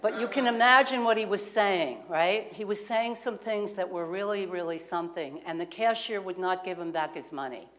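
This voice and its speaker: A woman's voice: mid-range voice, moderate pace, few pauses, a bit bright. A woman minister gives a sermon, telling a personal story in a conversational way and asking the congregation questions. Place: community center lounge.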